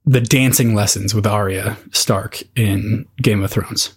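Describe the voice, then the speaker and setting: A man's voice: fairly low pitch, steady tone, unhurried, breathy edge. A man co-hosting a podcast, chatting casually about a book, laughing often and teasing his co-host. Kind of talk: casual book discussion chat.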